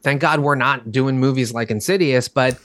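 Animated man co-hosting a movie podcast. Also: mid-range voice, normal speed, no echo. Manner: animated, rambling with fillers. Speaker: podcast co-host. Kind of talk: casual movie review chat.

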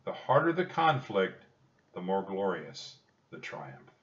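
A man's voice: sits low, sing-song, slow pace, fairly bright tone, heavily acted. A man voicing an earnest, brave young boy, speaking raised and earnest, heard as a dull, distant recording.

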